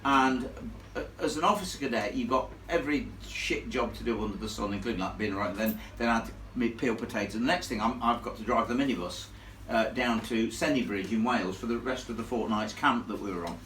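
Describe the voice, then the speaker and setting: A man telling a ghost story live to an audience, in a blunt, animated way with plenty of salty asides. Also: medium pitch, a little fast, few pauses, a little hiss or hum. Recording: echoey room filmed from far off.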